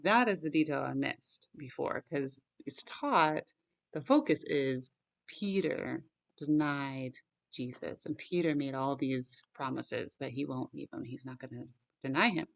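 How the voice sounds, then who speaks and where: A woman with a low, gravelly voice hosts a relaxed Bible chat, reading passages aloud and then breaking off to share what struck her. She talks in an eager, chatty way, full of "like" and "right?", often wondering aloud. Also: measured pace. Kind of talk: casual Bible study chat with scripture reading.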